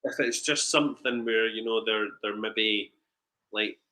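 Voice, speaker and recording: Man, podcast host, very bright sharp tone, chatty, stumbling restarts, casual. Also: on the low side, a little slow.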